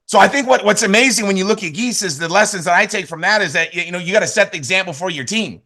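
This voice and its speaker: A man giving an energetic motivational training talk to his team over a video call, with lots of repetition and "right?" tags. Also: high voice, fast talker, hardly any pauses.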